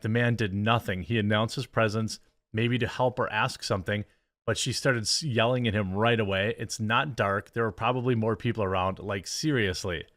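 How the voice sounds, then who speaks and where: A man's voice: on the low side, fairly bright tone, dry recording, studio quality. A man hosting a reaction commentary, mocking and sarcastic as he talks over a clip. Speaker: commentary host.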